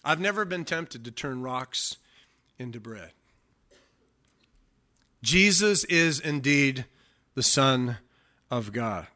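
A man's voice: medium pitch, expressive, slow pace, pauses often, pushed and bright. A male pastor preaching an expository sermon, emphatic and often asking the congregation questions.

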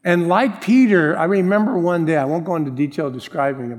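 A middle-aged man preaching a sermon as pastor, animated, acting out the people he quotes. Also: on the high side, brisk, few pauses.

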